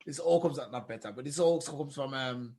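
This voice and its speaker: A man's voice: mid-range voice, a little fast, darkish tone. A man co-hosting a podcast in casual chat, who explains at length and tries out foreign phrases. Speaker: podcast co-host.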